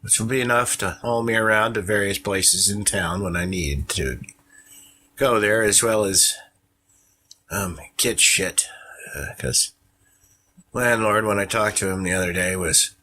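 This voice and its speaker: A sick, out-of-breath man hosting a casual solo podcast from home, wheezing and pausing every few sentences to catch his breath. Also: on the low side, bright, forceful tone, a little hiss or hum. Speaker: podcast host. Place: at home with a cat on him.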